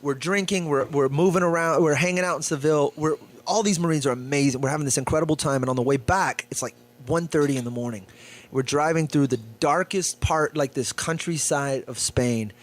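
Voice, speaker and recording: A man's voice: fairly high pitch, fairly quick. A male comedian and podcast co-host telling a vivid story in casual chat.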